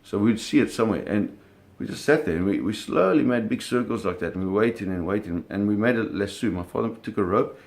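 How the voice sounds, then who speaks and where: A middle-aged man casually telling a story, animated, with sound effects and acted quotes. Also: fairly low pitch, a little fast, vocal fry, few pauses. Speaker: storyteller recounting a fishing trip.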